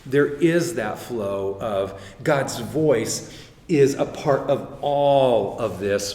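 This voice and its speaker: A man's voice: medium pitch, drawn-out words, warm tone. Earnest middle-aged man in a roomy hall. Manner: earnest, retells stories with quoted speech. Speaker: guest speaker. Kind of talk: faith conversation, storytelling. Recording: roomy hall reverb, faint ambience.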